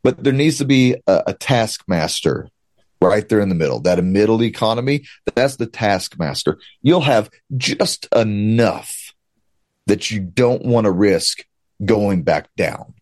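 A man's voice: lowish voice, animated, measured pace, a little mellow, dry recording. A man giving political commentary, talking emphatically with a sarcastic, ranting edge. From United States. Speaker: guest commentator.

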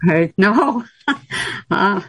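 A woman guest on a livestream talking calmly and reflectively in casual conversation. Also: mid-range voice, very slow, no echo, dull audio. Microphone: livestream video call.

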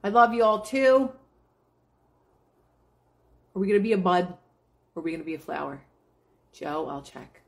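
A woman's voice: mid-range voice, lively intonation, normal speed, gravelly, pauses often. A woman hosts a live stream and delivers a casual motivational pep talk. She preaches in a blunt, emphatic way and swears freely as she addresses her chat.

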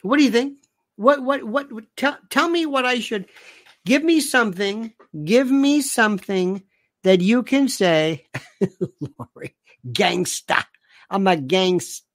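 Woman ranting on a livestream, fired up, reading chat out loud. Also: on the high side, measured pace. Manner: animated, ranting, reads chat aloud. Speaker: livestream host. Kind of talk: casual livestream monologue.

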